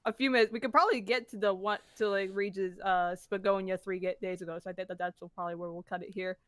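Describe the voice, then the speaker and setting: A woman's voice: mid-range voice, fairly even intonation, fast talker, dry recording. A woman co-hosting a fan show, chatting casually in an easygoing manner. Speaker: co-host. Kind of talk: casual chat.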